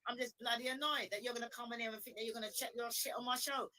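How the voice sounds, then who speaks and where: A woman calling into a livestream, forceful and indignant as she repeats her points in a heated rant. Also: a little high, fairly even intonation, rapid-fire, a little hiss or hum, poor audio. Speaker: livestream guest.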